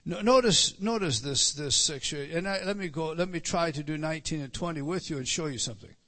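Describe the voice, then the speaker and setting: A man's voice: fairly high pitch, brisk, bright, forceful tone. A man preaching a Bible teaching sermon, with frequent restarts and repeated words, rising for emphasis on key phrases.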